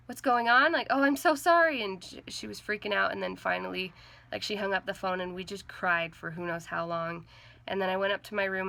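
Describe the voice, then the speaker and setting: A young woman talking to her camera about her own life, earnest and halting, with lots of "like" and "um". Her voice sits fairly low and has a gravelly fry, especially at the ends of phrases. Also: bright, forceful tone. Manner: earnest, halting, heavy with fillers like "like" and "um". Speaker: vlogger. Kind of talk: personal storytelling to camera.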